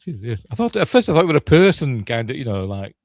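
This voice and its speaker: A man's voice: medium pitch, very animated, fast talker, a little mellow, dry recording. An older man with a Yorkshire accent, chatting casually as a podcast host reacting to a film trailer, grumbling and mocking himself.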